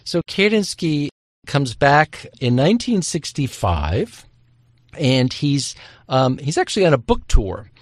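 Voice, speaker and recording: A man speaks as a historian, giving measured and explanatory answers in an interview. His voice is close and dry, with no room sound around it. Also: on the high side, big pitch swings, dry recording.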